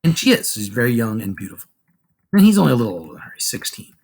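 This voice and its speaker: Talking rapid-fire at a medium pitch with a breathy edge, a man walks a class through a classic play in animated, slangy terms, slipping in and out of character voices to act out lines.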